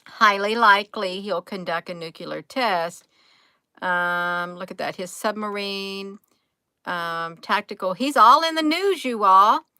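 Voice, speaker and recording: A woman's voice: medium pitch, bright, forceful tone, no echo. A woman hosting a casual livestream, chatting with viewers and scolding a commenter. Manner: chatty, scolding, says "you all" often. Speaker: livestream host.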